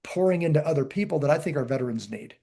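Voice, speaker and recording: A man's voice: on the high side, racing, gravelly, breathy edge. A middle-aged man hosting a podcast interview, telling stories animatedly, acting out quotes and restarting his sentences. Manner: animated storytelling, acts out quotes, frequent restarts. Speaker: podcast host. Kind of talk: casual interview chat.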